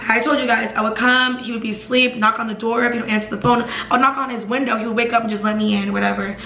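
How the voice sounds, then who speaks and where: A young woman telling a personal story to camera in a fast, animated, casual way, full of fillers. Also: fairly high pitch, reverberant.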